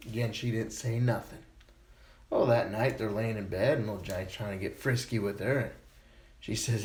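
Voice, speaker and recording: Casual male joke teller, animated pitch, roomy sound. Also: moderate pace. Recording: echoey room.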